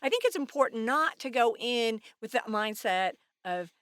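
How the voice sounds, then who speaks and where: A woman co-hosting a podcast in casual chat, animated and acting out little scenes in quoted voices. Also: fairly high pitch, normal speed, no echo, studio quality. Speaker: podcast co-host.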